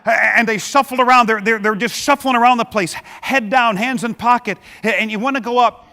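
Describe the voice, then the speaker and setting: Give me a motivational keynote from a middle-aged man, punchy and quick with a joke, recorded with long hall reverb. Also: very high-pitched, steady tone, sharp tone. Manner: punchy, joking, fires rhetorical questions at the audience. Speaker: keynote speaker. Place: large conference hall with audience.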